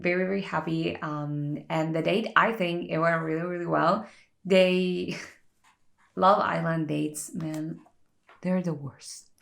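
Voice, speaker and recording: A woman vlogger chatting casually while getting ready, chatty and animated, with lots of "like" fillers. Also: low voice, creaky. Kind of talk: casual get-ready-with-me chat.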